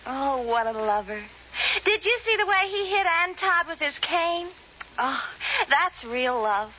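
A woman's voice: sits high, lively intonation, measured pace, bright, forceful tone, a little hiss or hum, full character voice. An actress playing a teasing young girlfriend in a 1940s radio comedy. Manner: giggly and teasing. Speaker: the hero's girlfriend. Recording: muffled old radio broadcast.

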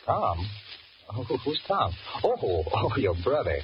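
A man's voice: mid-range voice, big pitch swings, slow pace. An actor playing a nervous, cowardly young married man in a 1940s radio drama, talking in anxious inner monologue and stammering. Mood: flustered. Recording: dull lo-fi old radio recording with hiss.

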